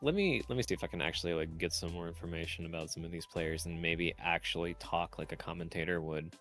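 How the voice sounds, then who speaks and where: Guy with a lowish voice riffing on a tournament stream, rambly, laughs a lot. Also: quick pace, fairly bright tone, faint music behind. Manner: rambling, self-deprecating, laughs often. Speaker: tournament commentator. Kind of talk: casual esports commentary.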